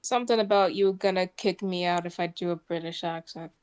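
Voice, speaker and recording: A woman's voice: lowish voice, steady tone, a little fast, a little mellow, clean tone. Playful woman from the American South. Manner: playful, teasing. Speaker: stream co-host. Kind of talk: casual stream chat.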